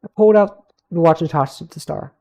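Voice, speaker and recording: A young man with a fairly high, creaky yet mellow voice reads his own fantasy story aloud on a home stream, talking fairly quickly into a desk mic. During this live read-through he stumbles over words, backs up to fix them, and pauses for little asides.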